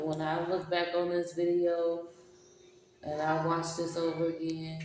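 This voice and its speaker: A woman's voice: low voice, completely flat delivery, unhurried, darkish tone, a little hiss or hum. A woman vlogging, tearful and heartfelt, swearing casually as she talks through her feelings. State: crying. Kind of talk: emotional personal vlog. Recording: echoey room with long reverb.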